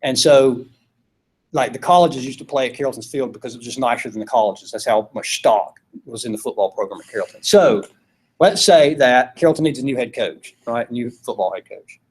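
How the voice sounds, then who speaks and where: A man's voice: mid-range voice, a little fast, darkish tone, husky. A man with a Georgia Southern accent teaching a philosophy class, talking conversationally and checking in with "right?" all the time. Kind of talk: classroom lecture.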